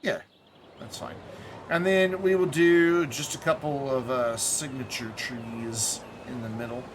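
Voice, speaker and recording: A man streaming a city-building game, thinking aloud in relaxed commentary with small asides. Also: mid-range voice, measured pace, noisy background.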